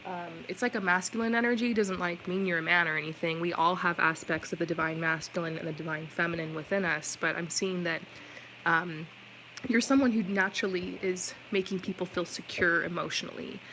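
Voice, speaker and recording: A woman's voice: lowish voice, steady tone, fairly quick, slight background noise, poor audio. Chatty woman giving a tarot reading. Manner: chatty, warm reassurance with many "like" fillers. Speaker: tarot reader. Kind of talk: live-stream tarot reading.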